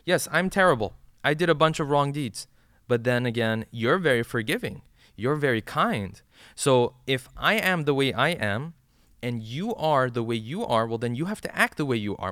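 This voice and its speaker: Recorded with studio quality and no room sound, a man with a medium-pitched voice teaches a supplication's meaning. As a religious teacher, he breaks down each line in simple language and keeps asking "right?" to check in with listeners.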